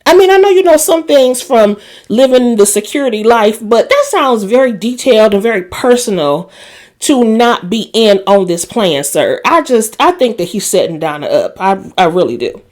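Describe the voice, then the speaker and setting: A woman's voice: on the high side, lively intonation, normal speed, a little mellow. A woman hosting a casual recap of a TV drama episode, telling it like gossip with asides to viewers and quoted lines acted out. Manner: chatty storytelling with asides to viewers; laughs and acts out quoted lines. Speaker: TV recap host.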